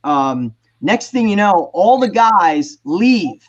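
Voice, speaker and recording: A man, telling animated, profane stories as a guest on a video call. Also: sits high, slow, muffled recording. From New Jersey. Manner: animated, profane storyteller, acts out quotes. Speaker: guest musician. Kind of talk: casual storytelling on a video call panel.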